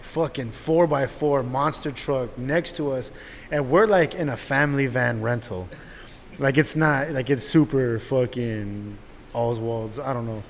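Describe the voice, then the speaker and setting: A young man telling a story in a casual, animated and profane way, laughing as he goes. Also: mid-range voice. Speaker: podcast host. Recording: echoey room with faint noise.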